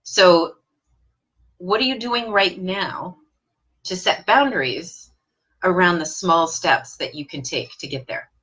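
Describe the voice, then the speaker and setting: Running a live English class online, this woman speaks brightly and clearly from a slightly low register. Viewer comments get read aloud and answered with upbeat, pointed questions, and praise sends her pitch leaping. She talks slowly, pausing often.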